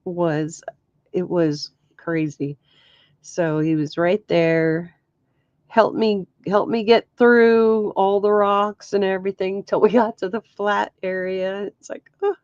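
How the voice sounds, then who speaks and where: A woman's voice: mid-range voice, fairly even intonation, slow pace, darkish tone, no room sound, highs cut off. A middle-aged woman chatting casually to camera as a crafts vlogger, telling stories with frequent laughs and exclamations. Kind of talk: casual chat.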